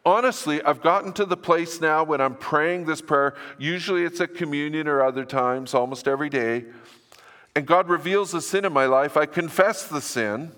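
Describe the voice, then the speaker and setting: A man's voice: on the high side, normal speed, fairly bright tone. An older man preaching a sermon to his church, conversational and earnest, with self-deprecating asides. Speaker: pastor. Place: church sanctuary. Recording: echoey hall reverb.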